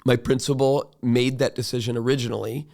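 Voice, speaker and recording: Male teacher-host, mid-pitched, chatty reflective monologue, acts out dialogue. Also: brisk, gravelly. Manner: animated, acts out quoted dialogue with rising pitch; conversational, frequent "right?" and "like".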